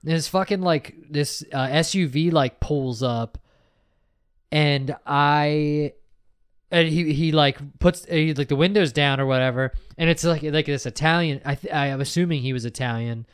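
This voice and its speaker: A man with a fairly high, smooth, crisp voice, recorded dry and close. He tells a story in rambling, casual podcast chat, swearing freely and laughing along. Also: normal speed, no echo. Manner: loose storytelling, swears a lot, laughs often. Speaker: podcast co-host.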